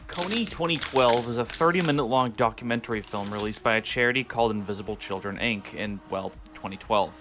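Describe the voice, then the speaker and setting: A man narrating a scripted explainer video, in a brisk, informative delivery. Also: medium pitch, sharp tone. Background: faint music.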